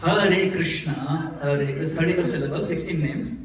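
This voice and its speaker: A man's voice: a little high, animated, brisk, recorded from a distance. A man giving a sermon in a temple hall, asking the audience questions and demonstrating how to chant. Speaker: temple lecturer. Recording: echoey hall, recorded from afar.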